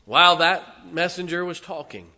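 Bright-voiced male preacher telling a story. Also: sits high, fairly even intonation, moderate pace. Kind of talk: sermon retelling a Bible story.

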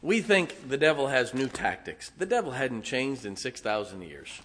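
A middle-aged man preaching in a folksy, animated way, with plenty of asides to the congregation. His voice sits at an ordinary pitch. The sound carries a long hall reverb, as in a church sanctuary. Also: moderate pace. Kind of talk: sermon.

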